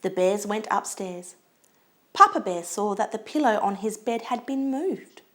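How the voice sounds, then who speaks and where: A woman reading a children's storybook aloud in an expressive, lilting way. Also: mid-range voice, measured pace.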